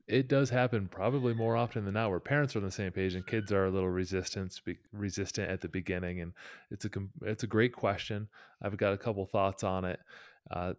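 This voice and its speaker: Give me a man with a very deep voice who talks in an earnest, steady way and lays out practical steps in a casual interview. The sound is dry, with no room echo. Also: a little fast. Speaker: podcast guest. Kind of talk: casual conversational advice.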